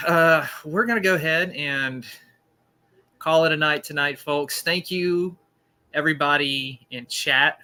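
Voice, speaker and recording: A man's voice: a little high, sharp tone, low-quality recording. A man hosting a live stream, chatting casually and laughing at his own corny jokes. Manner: joking, rambling, laughs at own puns. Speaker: podcast host.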